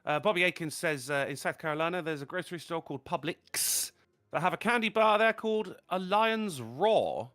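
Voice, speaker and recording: A man trading jokes on a live stream in a bright, forward tone. His pitch moves lively as he teases his co-host. The sound is dry, with faint music behind. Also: normal speed, no room sound. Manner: joking, teasing banter. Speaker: podcast co-host. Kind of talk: casual live-stream chat.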